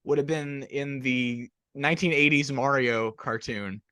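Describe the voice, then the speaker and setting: A man's voice: mid-range voice, unhurried, fairly bright tone, clean tone, no echo. A man from Canada hosting a casual interview podcast, chiming in eagerly like a fan. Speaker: podcast host.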